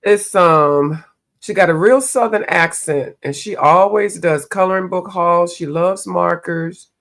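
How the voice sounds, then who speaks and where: On her livestream, a woman with a lowish, unhurried voice colors while chatting casually. She's a bit stuffy from allergies, rambling and searching for names as she goes.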